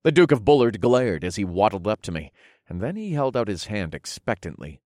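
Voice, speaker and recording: A man narrating a first-person fantasy audiobook with wry, lively storytelling into a studio mic. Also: on the low side, a little fast, dry recording.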